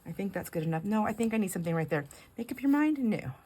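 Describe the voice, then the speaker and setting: Her voice mid-range, mellow and a bit rough, a middle-aged woman talks fast with lively intonation. She's making a home craft video, rambling casually as she works, laughing a lot and now and then lowering to a whisper.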